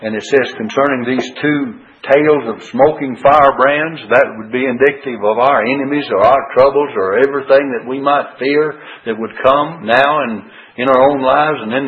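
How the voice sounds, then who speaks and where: A man teaching from the Bible in a folksy, conversational way, rising high in pitch when he gets stirred up. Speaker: preacher. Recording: tinny phone-like radio broadcast.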